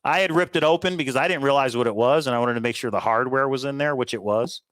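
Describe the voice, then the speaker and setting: A man's voice: medium pitch, fairly bright tone, no room sound. A man co-hosting a casual live stream, chatting upbeat about things he sold and answering viewer comments. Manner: chatty, upbeat, quick asides and chuckles. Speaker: livestream co-host.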